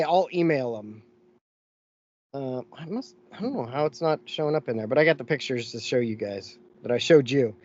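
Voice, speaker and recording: A man telling a story in casual podcast chat, animated and full of swearing and laughs. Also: fairly high pitch, lo-fi sound. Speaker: podcast co-host.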